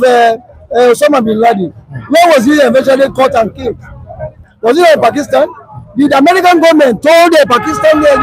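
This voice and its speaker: A man with a Nigerian accent giving his views in a street interview, arguing forcefully with rhetorical questions. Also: very high-pitched, low-quality recording. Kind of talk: street vox pop. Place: outdoor street.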